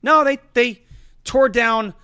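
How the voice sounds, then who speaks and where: A man's voice: extremely high pitch, slow, pushed and bright, smooth. A man hosting a political talk show, reading ads and getting heated and emphatic. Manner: emphatic, rising to heated outbursts. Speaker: show host.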